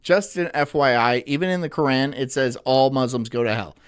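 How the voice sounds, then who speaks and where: A man's voice: medium pitch, a little fast, clear, resonant tone. Crude, mocking man streaming. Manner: crude, mocking, rambling asides. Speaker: streamer reacting to clips. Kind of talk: casual live-stream commentary.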